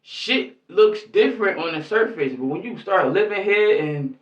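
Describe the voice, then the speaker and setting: A man's voice: high-pitched, animated, moderate pace. A man giving angry, rambling vlog commentary in heavy street slang, cursing constantly. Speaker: YouTube commentator. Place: lives in New York. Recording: echoey, distant, muffled lo-fi sound.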